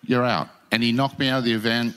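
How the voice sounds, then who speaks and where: A man's voice: mid-range voice, level tone, racing, fairly bright tone, clean tone. Swearing, fired-up man. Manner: heated, swearing, ranting. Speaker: podcast guest, former pro surfer. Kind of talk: casual storytelling chat.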